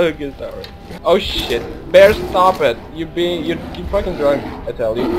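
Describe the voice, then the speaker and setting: A man giving casual gameplay commentary, swearing often and swinging between loud outbursts and muttered asides. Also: a little high, lively intonation, a little slow, over music. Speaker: gaming video host.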